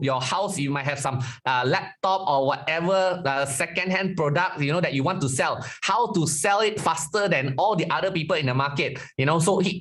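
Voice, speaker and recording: A man's voice: a little high, a bit bright, low-quality recording. A man hosting an online training session, urging the audience to type replies in the chat. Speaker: webinar host.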